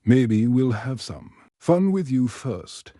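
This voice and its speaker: A cruel space biker thug sneers his threats, as a man puts him on. The voice is dark and mellow, recorded dry and close. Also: mid-range voice, animated, slow, no room sound. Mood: sneering.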